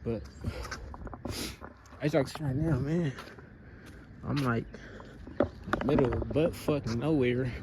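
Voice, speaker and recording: A man's voice: medium pitch, slow, long pauses, background noise. A man talking casually to his phone camera, slangy and full of fillers, out of breath as he walks outdoors in the countryside. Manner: laid-back slangy talk with many fillers. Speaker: motivational vlogger. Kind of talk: casual vlog talk.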